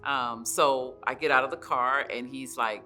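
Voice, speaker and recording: A woman's voice: very deep voice, fairly even intonation, unhurried, bright, forceful tone, faint music behind. A woman sharing a personal faith testimony in a conversational storytelling way, often saying "like" and "you know". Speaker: church member sharing her testimony.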